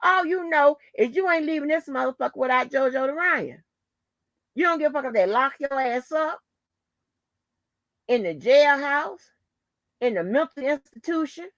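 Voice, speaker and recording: A woman hosting her own channel unleashes an angry, profanity-filled rant at the camera, packed with taunts and insults. Her high, expressive voice has a fairly bright tone, moving at a moderate pace with frequent pauses, and the recording is dry.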